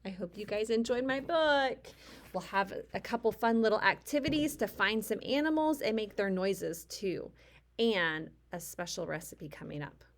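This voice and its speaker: A woman teacher reading a picture book aloud to young children, asking them questions and sometimes dropping into soft whispers. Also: mid-range voice, moderate pace.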